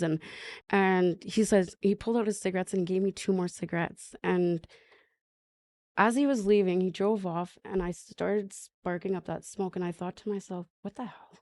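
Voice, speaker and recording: A woman from northern Manitoba, candidly telling her own recovery story as a podcast guest, halting and restarting often. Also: medium pitch, dark tone, dry recording, studio quality. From northern Manitoba, Canada. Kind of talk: personal recovery story, conversational.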